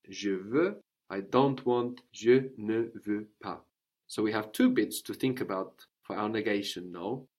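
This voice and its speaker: Slow, patient man teaching French. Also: on the low side. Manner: patient, explains slowly and repeats phrases. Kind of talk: language lesson.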